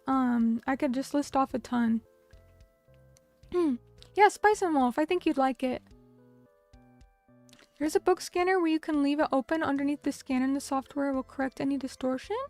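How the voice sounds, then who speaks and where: A young woman chats with her stream audience in a high, bubbly voice. She is chatty and full of fillers as she reacts to comments. The sound is dry and close, with soft music playing underneath. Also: moderate pace, no echo. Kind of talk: casual chat with viewers.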